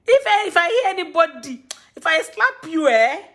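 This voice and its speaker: A woman's voice: very high-pitched, sing-song, moderate pace, a bit bright. A young Nigerian woman hosting a casual live stream, rambling, laughing often and scolding her viewers.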